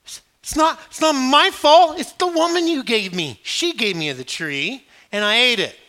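A man's voice: very high voice, animated, normal speed, bright, forceful tone, voice pushed up, full character voice. A man voicing a whiny, blame-shifting first man caught out, in a sermon. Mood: whining.

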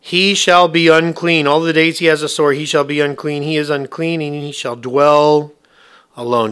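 A man's voice: a little high, fairly even intonation, normal speed, a bit bright, smooth. A man preaching a sermon, asking his listeners question after question in a conversational way. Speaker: pastor.

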